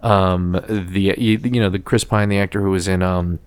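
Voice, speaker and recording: A man's voice: low-pitched, fairly even intonation, moderate pace, clean tone, dry recording. A middle-aged man telling a long, rambling story in casual chat, swearing and restarting often as a podcast co-host.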